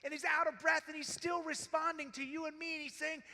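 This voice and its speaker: A male deacon giving an intense, halting keynote testimony with long pauses. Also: very high voice, little pitch movement, vocal fry, sharp tone. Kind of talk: preaching keynote. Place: large conference hall. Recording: echoey large hall.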